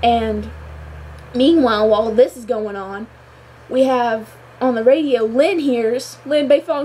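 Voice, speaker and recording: A woman's voice: a little high, a little slow, warm tone, slight background noise, low-quality recording. A woman reviewing a show episode in a gushing, exclamatory chat full of filler words. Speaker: fan reviewer.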